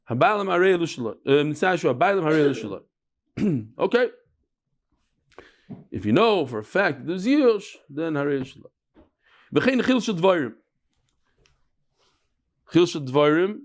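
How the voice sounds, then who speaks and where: Animated man teaching Talmud. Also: fairly high pitch, moderate pace, long pauses. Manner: animated storytelling, mixing English with Hebrew and Yiddish terms. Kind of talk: lively Talmud class lecture.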